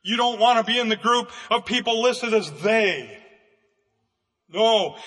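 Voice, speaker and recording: A man preaching a fervent sermon as pastor, with bursts of raised, shouting emphasis. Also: sits high, in a large hall.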